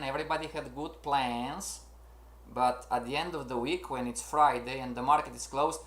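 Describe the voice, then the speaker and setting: A man teaching a live online trading lesson, animated and checking in often with his class, acting out traders' worries in their own voices. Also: medium pitch, moderate pace. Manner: animated, repeats "make sense, everybody?", acts out traders' inner voices. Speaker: trading instructor. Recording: roomy echo.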